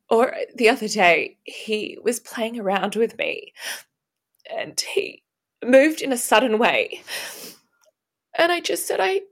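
A woman in her thirties, a podcast guest, talking candidly and emotionally, swearing, halting and repeating herself. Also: mid-range voice, vocal fry. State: emotional, voice rising and shaky. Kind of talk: emotional personal interview.

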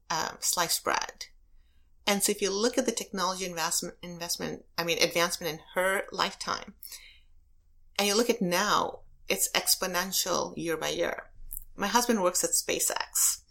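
A woman's voice: medium pitch, creaky, pushed and bright. A woman who is a prosecutor and elected official, answering interview questions with earnest, emphatic personal stories.

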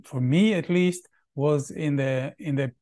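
A man from Israel, a podcast guest, speaking in a halting way and repeating words as he searches for them. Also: on the high side, dark tone. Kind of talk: casual conversation.

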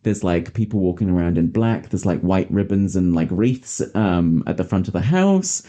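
A woman's voice: very deep voice, lively intonation, moderate pace, mellow. A British woman hosting a podcast, chatting casually as she recaps a film's plot with lots of fillers. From Britain. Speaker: podcast host. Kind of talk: casual movie-review chat.

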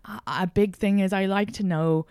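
A woman's voice: mid-range voice, moderate pace, smooth, no room sound. Laughing Irish woman chatting, dry mic. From Ireland. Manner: animated, laughs often, swears casually. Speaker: podcast host. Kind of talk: casual chat.

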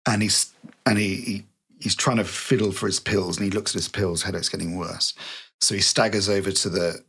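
A man pitching a film story on a casual podcast, retelling scenes and acting out lines in quick bits. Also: steady tone, creaky, fairly bright tone, husky.

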